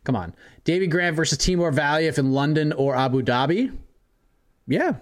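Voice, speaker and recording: A man's voice: on the high side, lively intonation, normal speed. Man casually reading listener fight picks. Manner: reads lists of matchups, chuckles often. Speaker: podcast co-host.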